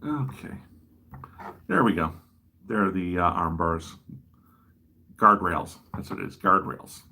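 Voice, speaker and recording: A man with a lowish voice and a bright, forceful tone hosts a livestream, chatting casually as he builds a model. He rambles from one thought to the next and pokes fun at himself. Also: animated, slow, creaky. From American Midwest. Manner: rambling, self-deprecating. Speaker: livestream host.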